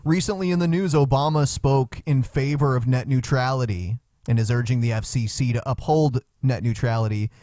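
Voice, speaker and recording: A man on a casual podcast who brings up the news in a flat, deadpan way. His voice sits at a middle pitch. The recording is close and dry. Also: moderate pace, hardly any pauses, dry recording. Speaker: podcast co-host reading the news.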